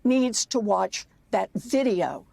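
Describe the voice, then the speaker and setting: A woman's voice: medium pitch, expressive, takes it slowly, creaky, a little mellow, dry recording. A woman commentator in a news clip, speaking in a matter-of-fact way.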